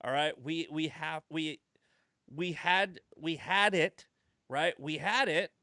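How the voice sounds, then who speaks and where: A man hosting a casual political chat podcast, profane and animated, slipping into voices when he tells jokes. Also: fairly high pitch, slow pace, dry recording, clean studio sound. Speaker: podcast host.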